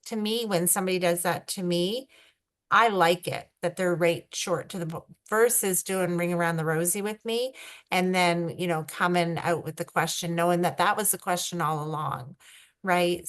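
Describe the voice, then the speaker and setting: Canadian woman, lowish voice, casual rambly guest on a team call. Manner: rambling, filler-heavy, self-described introverted. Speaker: guest brand ambassador.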